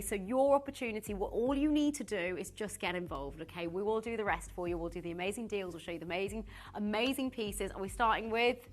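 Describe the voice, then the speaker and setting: Woman, high voice, shopping channel presenter, gushing and excitable, faint music behind. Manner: gushing, excitable, many restarts. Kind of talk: live TV sales pitch.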